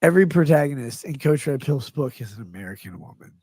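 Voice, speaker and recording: A man reads his livestream chat aloud with a gravelly, husky voice, drifting into loose, drunken tangents and swearing freely. He sits a touch high for a man's voice, and the sound is dry and close. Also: lively intonation, fast, darkish tone, dry recording. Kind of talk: rambling livestream chat reading.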